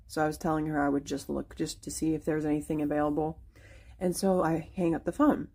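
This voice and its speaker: A woman's voice: low voice, steady tone, quick pace, mellow. A woman casually recounting a phone call with a ghost, hesitating and repeating words. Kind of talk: casual storytelling.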